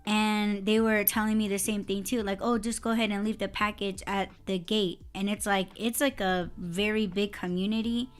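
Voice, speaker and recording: A woman's voice: mid-range voice, steady tone, normal speed, hardly any pauses, clean tone, soft background music. A woman co-hosting a casual podcast, telling a story in a heated, profane way and breaking into laughter. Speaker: podcast co-host.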